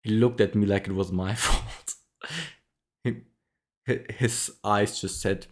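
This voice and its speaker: Low-voiced man telling a story casually. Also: steady tone, takes it slowly, pauses often. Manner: rambling, many fillers and restarts, frequent laughs. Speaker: vlogger.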